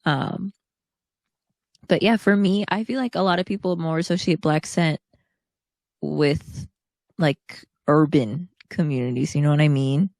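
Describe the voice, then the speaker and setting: A woman's voice: deep voice, unhurried, gravelly, pauses often, darkish tone, dry recording, studio quality. A woman co-hosting a podcast in casual chat, rambling and hedging with many fillers. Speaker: podcast co-host.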